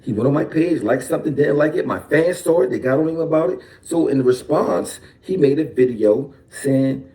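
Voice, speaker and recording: Speaking at a moderate pace in a clip, a Philadelphia-accented rapper defiantly justifies himself over his feuds, ending lines with "okay" as he rants directly to the camera. His voice leans high, with a dark tone and lively inflection.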